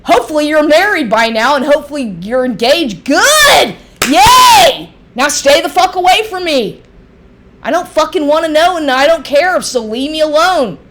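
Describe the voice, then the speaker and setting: A woman's voice: high-pitched, lively intonation, moderate pace, slight background noise. A middle-aged woman ranting angrily into the camera, profane, heated and sarcastic, mocking the man she addresses. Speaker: vlogger. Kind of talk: angry ranting monologue.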